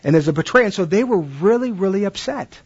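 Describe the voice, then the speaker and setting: A man's voice: high voice, lively intonation, fast talker, a little mellow, breathy edge, dull audio. A man training Bible teachers in a conversational way, asking questions and acting out classroom exchanges.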